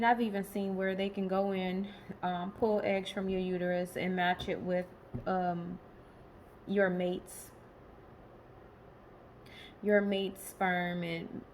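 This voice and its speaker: A woman in her late forties talking in a personal vlog, tired and emotional, rambling and halting with many pauses and restarts. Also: lowish voice, slight background noise, rough recording. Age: late 40s. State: tired and emotional, has been crying. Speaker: vlogger.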